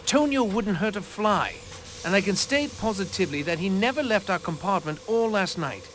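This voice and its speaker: An actor voicing a gentle, nervous train passenger who gets flustered and trails off mid-sentence, in a video game. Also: male voice, high voice, lively intonation, moderate pace, slight background noise. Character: nervous, gentle man who shares a compartment and works with a friend.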